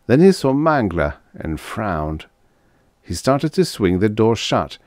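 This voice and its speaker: A male audiobook narrator with a very low, deep voice, reading a vintage science fiction story. His delivery is even and measured. The recording is dry and close. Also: dry recording. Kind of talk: scripted narration.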